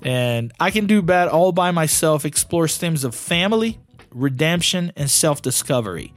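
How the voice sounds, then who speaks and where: A man's voice: on the high side, dry recording. A man hosting a podcast, speaking English as a second language in a casual, chatty way full of "you know". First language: not English. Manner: conversational, heavy use of "you know". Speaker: podcast host. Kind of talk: casual solo podcast talk.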